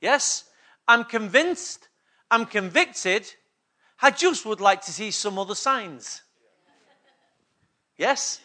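Bright, high-voiced preaching man. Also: expressive, takes it slowly, long pauses. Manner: emphatic preaching with repeated call-and-response questions. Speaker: pastor. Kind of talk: sermon.

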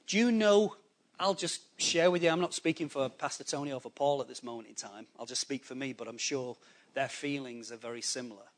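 A man preaching a sermon to a congregation, animated and conversational, acting out people's excuses in quick quoted voices. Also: medium pitch. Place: church hall before a congregation.

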